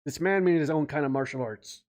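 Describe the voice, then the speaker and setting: A man's voice: fairly high pitch, fairly quick, a little mellow. A man co-hosting a podcast in casual chat, tossing in slangy, jokey quips. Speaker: podcast co-host.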